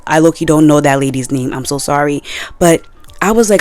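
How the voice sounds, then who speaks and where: A woman giving casual commentary in a vlog, animated and exasperated, full of slang. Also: sits low, fairly quick, no room sound. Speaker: video creator.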